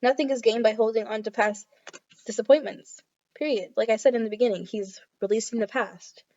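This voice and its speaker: A woman's voice: fairly high pitch, steady tone, a little fast, warm tone. A woman doing a casual tarot reading to camera, reading card texts aloud and chatting with many fillers. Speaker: tarot reader. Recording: dull lo-fi audio.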